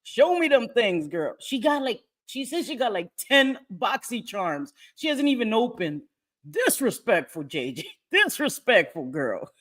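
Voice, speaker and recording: A woman chatting casually on a livestream, reading and answering viewers' comments, talkative and quick to laugh. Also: fairly high pitch. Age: older. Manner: chatty, laughs often, animated.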